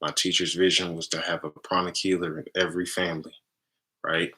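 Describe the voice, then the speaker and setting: A deep-voiced man talks in a loose, chatty way about energy healing and keeps asking "right?" His tone is bright and forceful despite the low pitch. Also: little pitch movement, brisk. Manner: chatty, tags nearly every phrase with "right?". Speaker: spiritual healer and content creator. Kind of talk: casual promotional monologue.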